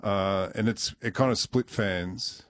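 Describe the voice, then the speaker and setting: A man's voice: lowish voice, slow, no echo, clean studio sound. A man, a radio producer, explaining things in a hesitant, rambling way with many fillers. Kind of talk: casual radio chat.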